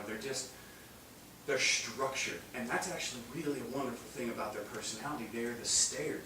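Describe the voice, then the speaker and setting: Man lecturing in an echoey hall. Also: mid-range voice. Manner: animated, joking, acts out voices with laughs. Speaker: chiropractic seminar speaker. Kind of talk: live seminar talk. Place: large room with live audience. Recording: distant mic, echoey room, noisy.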